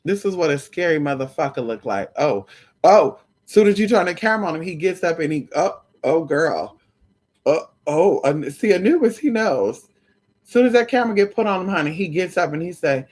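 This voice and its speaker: Chatting with viewers at a normal speed, a livestream host with a mid-range voice stays animated, sassy and profane. Terms like honey and girl come up often, and she breaks into quoted voices along the way.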